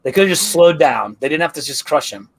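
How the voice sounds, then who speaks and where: A man's voice: on the high side, expressive, a little fast. A man on a casual live panel talk who argues emphatically and drives his points home by repeating them. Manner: emphatic, hammering repetition.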